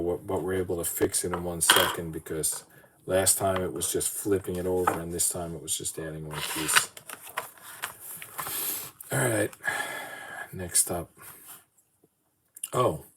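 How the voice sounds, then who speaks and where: A podcast host with a deep voice talks casually to himself while assembling a model, speaking unhurriedly with long pauses. He rambles and is self-deprecating. Steady background noise runs through the recording.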